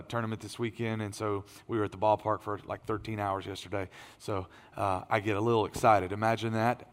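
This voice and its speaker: A middle-aged man preaching as a pastor, his voice strained and tired, swinging from emphatic raised lines to quiet asides. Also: lowish voice. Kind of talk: sermon. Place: church sanctuary. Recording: long reverb of a large hall.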